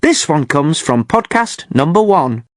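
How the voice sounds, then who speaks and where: Animated man hosting a learner podcast. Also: fairly high pitch, unhurried, no echo, clean studio sound. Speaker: podcast host. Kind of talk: scripted learner podcast presenting.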